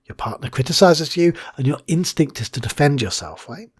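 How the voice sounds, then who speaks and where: A man's voice: on the high side, animated, brisk, hardly any pauses, breathy edge. A man, a hypnotherapist and coach, giving a scripted educational monologue in a dramatic way and dropping to a whisper on key words.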